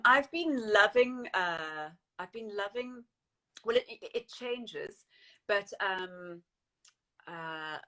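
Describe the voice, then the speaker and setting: A woman's voice: lowish voice, bright, forceful tone. A middle-aged woman, a guest in a casual interview who talks with many fillers and restarts. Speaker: actress and screenwriter, interview guest.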